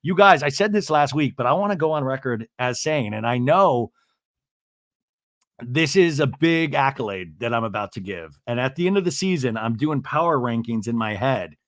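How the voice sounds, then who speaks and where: A man's voice: mid-range voice, normal speed, dry recording, studio quality. A man hosting a podcast, recapping a TV episode in a casual, chatty, comedic way with lots of asides. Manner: animated, chatty, full of "like" and asides. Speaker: podcast host.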